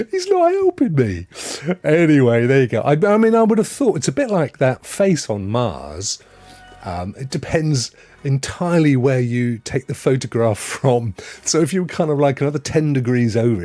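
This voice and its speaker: A man's voice: medium pitch, warm tone. A man hosting a live stream, chatting casually, laughing often and answering chat.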